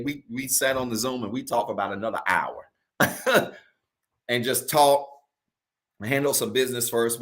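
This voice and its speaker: A man's voice: mid-range voice, bright, forceful tone. A middle-aged man from Virginia, preaching a sermon as pastor. He is emphatic and repeats key lines for his congregation.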